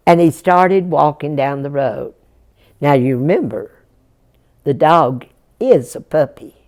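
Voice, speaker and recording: A woman's voice: sits low, expressive, takes it slowly, a little mellow. Folksy woman telling a tall tale. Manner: folksy, chuckling, speaks to listeners directly. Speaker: folk storyteller. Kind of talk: telling a Jack tale to children.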